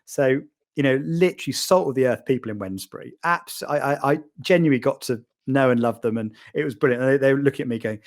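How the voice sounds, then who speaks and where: A man, a podcast guest, telling lively anecdotes in casual storytelling style and acting out the voices of people he quotes. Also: mid-range voice, quick pace.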